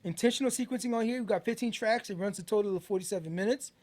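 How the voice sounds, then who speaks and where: A man's voice: high voice, very fast. Middle-aged man, american, casual podcast host, rambling, lots of fillers. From United States. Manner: rambling, many fillers and restarts, animated bursts. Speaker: podcast host reviewing albums. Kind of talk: casual music review talk.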